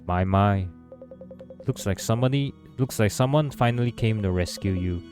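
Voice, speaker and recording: A scornful, godlike creator villain, read out by a man as he plays a story game. He talks down with cold mockery in a lowish voice. Soft game music plays faintly behind. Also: normal speed, close to an everyday voice. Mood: mocking. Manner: mocking, condescending.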